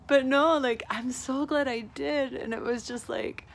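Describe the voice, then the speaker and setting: A woman's voice: sits high, fairly even intonation, slow, gravelly, slight background noise. A woman vlogging in a casual, confessional monologue, rambling and effusive with lots of "like", often laughing as she talks. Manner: rambling and effusive, heavy use of "like"; laughs often while talking.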